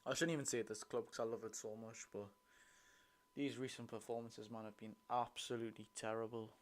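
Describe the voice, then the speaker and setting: A man's voice: medium pitch, little pitch movement, a little fast. A man with a Geordie accent giving blunt, chatty live commentary on a football match while thanking viewers in between. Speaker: football watch-along streamer. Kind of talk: live watch-along commentary and chat.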